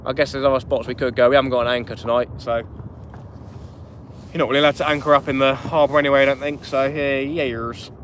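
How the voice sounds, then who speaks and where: On a nighttime live fishing stream from a little inflatable boat, this fishing channel host chats and welcomes viewers by name. His mid-range voice is a bit bright, flat in delivery, and quick-paced. Wind and water fill the background, and wind noise carries on the open boat.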